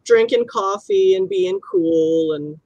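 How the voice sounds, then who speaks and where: A woman's voice: a little high, big pitch swings, slow, creaky, darkish tone, dry recording, poor audio. Chatty woman game master, dry sound. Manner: chatty, descriptive, many fillers. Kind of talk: narrating a tabletop role-playing game.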